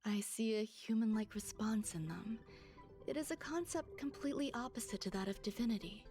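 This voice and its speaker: A woman reading the lines of a detached female genius scientist from a video game, speaking calmly in a soft half-whisper. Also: a little high, fairly quick, soft background music, close to an everyday voice.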